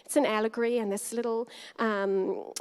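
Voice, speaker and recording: A woman's voice: on the high side, steady tone, moderate pace, a little mellow, smooth. A woman pastor from Australia giving a conversational sermon, telling stories with frequent laughs and acted-out dialogue. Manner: chatty, laughs often, acts out quoted dialogue. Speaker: co-lead pastor. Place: church hall. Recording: long hall reverb.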